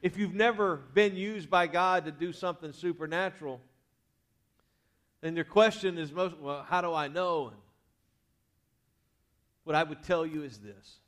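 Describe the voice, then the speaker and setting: Male pastor, fairly high voice, casual sermon delivery, quiet phrase endings with bursts of urging. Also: measured pace, pauses often. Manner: conversational preaching, drops to quiet endings, rises to urge the crowd. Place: church sanctuary.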